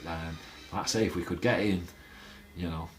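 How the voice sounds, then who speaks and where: Deep-voiced chatty man rambling about football. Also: moderate pace, over music. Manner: rambling, chatty, with many fillers and restarts. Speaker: fan channel host. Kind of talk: casual fan vlog chat.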